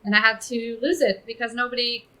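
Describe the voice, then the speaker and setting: A woman's voice: on the high side, steady tone, a little fast, crowd noise, rough recording. A woman from California, a guest on a business podcast, explaining her company's work fluently and upbeat in casual chat. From California, USA.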